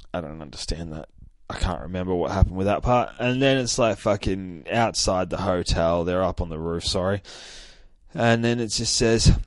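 Excited guy swearing nonstop on his podcast, lowish voice, dry close sound. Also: normal speed, no echo. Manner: excitable, heavily profane. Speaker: podcast host. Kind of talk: casual enthusiastic chat.

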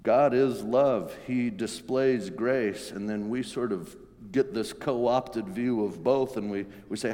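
Male pastor, mid-pitched, earnest and conversational, long hall reverb. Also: takes it slowly, hardly any pauses, mellow. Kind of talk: sermon.

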